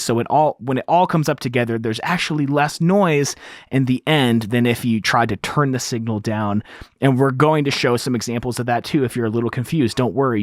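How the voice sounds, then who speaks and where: A man hosting an audio tutorial, explaining step by step in a casual, animated way while demonstrating on a studio microphone. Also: medium pitch, no room sound. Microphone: studio microphone through an audio interface.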